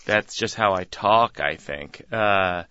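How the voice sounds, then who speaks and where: A man's voice: lowish voice, takes it slowly, sharp tone, smooth, no room sound, highs cut off. Laid-back chuckling man telling stories. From Massachusetts. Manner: laid-back rambling delivery with frequent chuckles. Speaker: guest comedian and storyteller. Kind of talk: casual interview storytelling.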